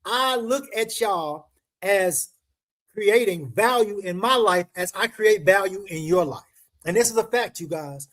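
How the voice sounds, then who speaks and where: A man hosting a casual crypto livestream, talking to viewers in slangy, emphatic chat and repeating words for stress. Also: high voice. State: emotional, choked up.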